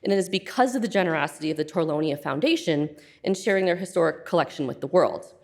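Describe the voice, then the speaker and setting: A woman's voice: sits low, animated, fast, a little mellow. A woman in her forties from the Chicago area, a curator giving a public lecture at a museum, chatty with frequent ums. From Chicago area, USA. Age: 40s. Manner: emotional and chatty at first, with many ums. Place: museum auditorium.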